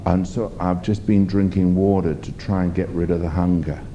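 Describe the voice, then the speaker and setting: A man's voice: low voice, fairly even intonation, moderate pace, warm tone, highs cut off, a little hiss or hum. A man preaching a sermon, emphatic and rambling as he tells stories. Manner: emphatic, rambling storytelling with fillers.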